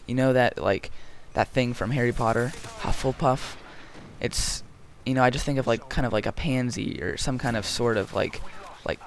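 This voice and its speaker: A man's voice: medium pitch, a little hiss or hum. A man giving casual, rambling gameplay commentary, joking and going off on tangents with lots of filler words. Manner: rambling and jokey, many ums and tangents. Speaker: gaming commentator.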